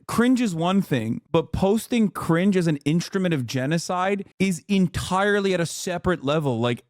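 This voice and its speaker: A man's voice: a little high, no room sound, studio quality. A man streaming, reacting to videos in a casual, incredulous and profane rant. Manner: exasperated, incredulous, profane ranting.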